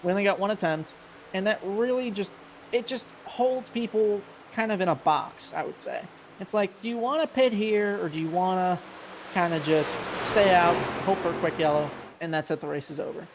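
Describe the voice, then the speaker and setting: A man who races himself, explaining strategy as a color commentator. He speaks in an explanatory, halting way with restarts, over a clearly noisy background. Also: high voice. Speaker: race color commentator and driver. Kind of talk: live race commentary.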